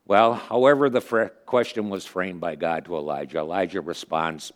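Deep-voiced man preaching conversationally. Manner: storytelling, earnest, thinks aloud with pauses. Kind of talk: conversational sermon.

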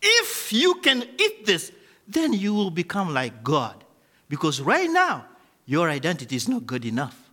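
Animated preacher man with bright, lively voice. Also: a little slow. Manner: dramatic swings between loud emphatic peaks and quiet low lines; leads the congregation in call-and-response declarations. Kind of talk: sermon.

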